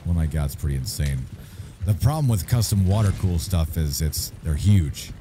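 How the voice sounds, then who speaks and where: A man's voice: sits low, expressive, normal speed, background noise. A man streaming a game, chatting casually and rambling, easily annoyed. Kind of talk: casual gameplay chat and role-play.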